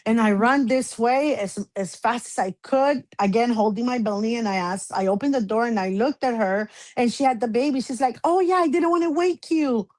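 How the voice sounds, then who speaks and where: A woman guest telling a personal story in casual chat, animated, acting out the back-and-forth she describes. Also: on the high side, normal speed, few pauses, dry recording. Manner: animated, acts out quoted exchanges.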